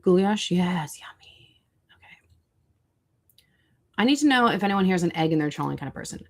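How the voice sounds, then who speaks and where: A woman with a mid-range voice talks fast and very animatedly while hosting a casual livestream. She chats with viewers, reacts to the chat, and looks up foods online as she goes.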